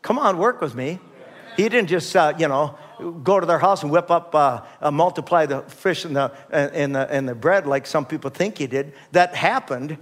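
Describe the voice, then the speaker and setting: A man's voice: a little high, normal speed, a bit bright. A male pastor preaching a conversational sermon, often restarting his sentences and calling on the congregation for responses.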